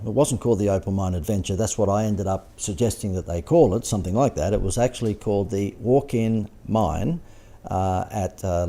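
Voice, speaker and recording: A man's voice: lowish voice, warm tone. A man, a business coach talking through slides with dry, sarcastic asides and chuckles. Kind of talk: presentation over slides.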